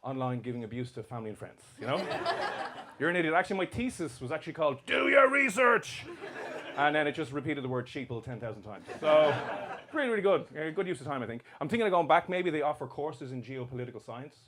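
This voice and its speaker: A man's voice: mid-range voice, lively intonation, quick pace. A man doing live stand-up comedy, bantering and swearing with the crowd in a mocking, brash way. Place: comedy club stage. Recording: live club recording with crowd noise. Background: crowd laughter.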